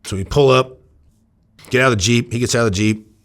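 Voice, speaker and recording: In a brisk, mid-range voice, an ex-undercover officer from Iowa rambles through stories in a relaxed interview. Fillers crop up constantly, and he dramatizes the quoted dialogue.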